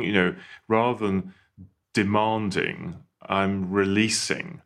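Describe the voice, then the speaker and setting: A man offering earnest, gently pastoral advice in a reflective spiritual conversation. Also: unhurried. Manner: earnest, gently pastoral, rises in pitch when stressing a point.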